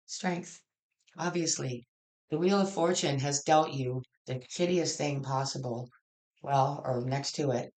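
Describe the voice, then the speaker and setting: A tarot reader delivers a general reading in a loose, conversational way. The talk is plain-spoken and blunt, with casual cursing and sentences that restart and wander. The voice sits at an ordinary middle pitch. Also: a little slow, a little mellow. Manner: blunt, frank, swears casually; rambling with frequent restarts.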